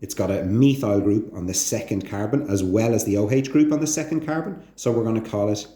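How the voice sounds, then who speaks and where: Male teacher, low and mellow, chatty with lots of rising check questions; echoey room. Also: a little fast. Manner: chatty, asks the viewer frequent check questions; rises sharply in pitch on questions. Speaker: chemistry teacher. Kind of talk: casual recorded chemistry lesson.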